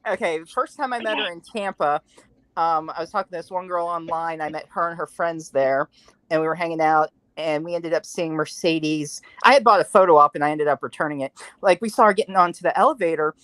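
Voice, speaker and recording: A man's voice: a little high, no room sound. A man on a podcast panel telling a long anecdote in casual chat, acting out the voices of the people he quotes. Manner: animated storyteller, acts out quotes.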